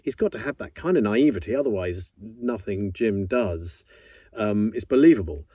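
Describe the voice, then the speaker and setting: Casting: middle-aged male narrator, dark mellow tone, thoughtful and earnest, dry studio mic. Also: expressive, slightly rough, no room sound. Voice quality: low voice. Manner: reflective, earnest, musing with pauses. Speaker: audiobook narrator. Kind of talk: casual behind-the-scenes talk. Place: professional home studio. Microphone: studio microphone.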